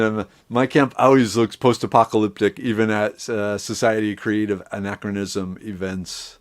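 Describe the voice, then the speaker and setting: A middle-aged man hosting a live stream, chatting casually with viewers in a relaxed, rambling way and greeting them by name. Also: lowish voice, normal speed, hardly any pauses.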